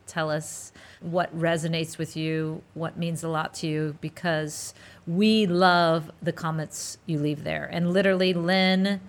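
A woman co-hosting a podcast in casual chat, animated and gushing with quick bursts of enthusiasm. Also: sits low. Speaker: podcast co-host.

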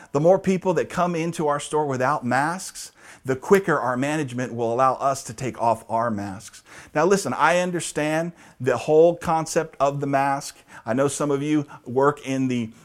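Emphatic preaching man, fairly high voice. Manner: emphatic, repeats key phrases, asks the congregation "right?"; slows down for emphasis. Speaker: pastor. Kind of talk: sermon.

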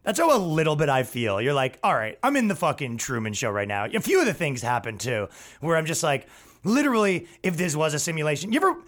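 A man hosting a podcast, ranting in a crude, sarcastic way and mocking others, swinging between loud outbursts and low asides. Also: sing-song, fast talker. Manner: profane, sarcastic, mocking, with put-on voices for others. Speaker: podcast host and stand-up comedian. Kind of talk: casual ranting monologue.

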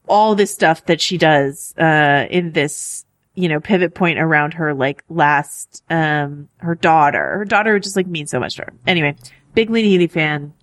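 A chatty woman hosting a podcast, talking loosely with lots of ums and quick laughs. Her voice sits on the lower side and the recording is dry and close. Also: no echo. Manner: chatty, laughing often, many fillers. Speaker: podcast co-host. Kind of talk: casual podcast chat.

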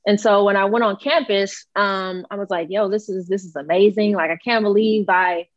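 Young woman telling a relaxed story. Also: mid-range voice, normal speed, dry recording, dull audio. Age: young adult. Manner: relaxed, filler-heavy, acts out quoted dialogue. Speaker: college basketball player. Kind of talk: casual interview storytelling.

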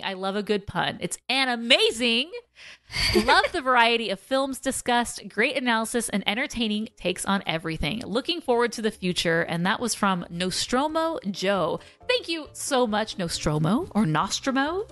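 A woman in her thirties co-hosting a film podcast, chatting casually, animated and laughing often. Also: a little high. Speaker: podcast co-host, film reviewer. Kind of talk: casual film review chat.

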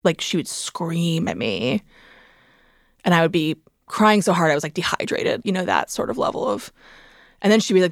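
A woman's voice: on the low side, sing-song, normal speed, no room sound, studio quality. A woman telling a painful personal story in a candid, conversational way, full of "like" fillers. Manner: conversational, frequent "like" fillers, emotional recollection. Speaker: memoir author, interview guest.

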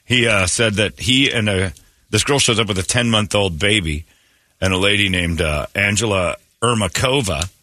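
A man's voice: lowish voice, moderate pace, sharp tone, a little hiss or hum. A man hosting a morning radio show, joking loosely and rambling through crude stories with frequent laughs.

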